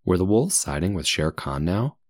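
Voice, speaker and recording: A man reading a story aloud for English learners, slowly and clearly, with comprehension questions and answers in between. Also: sits low, sing-song, a little mellow, no room sound. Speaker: English teacher.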